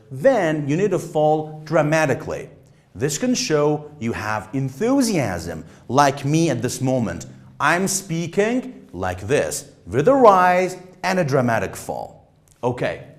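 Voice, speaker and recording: A male test-prep teacher explains in a slow, unhurried way. His pitch swings widely as he demonstrates rising and falling intonation. His delivery is emphatic and deliberate. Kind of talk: instructional lesson.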